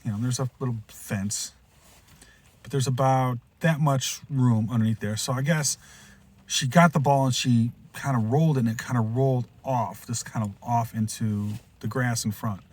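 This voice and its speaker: A man's voice: fairly even intonation, normal speed. Man rambling through a pet story. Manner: rambling, with frequent restarts and asides; acts out quoted voices with sudden loud high bursts. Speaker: podcast host. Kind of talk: casual anecdotal storytelling.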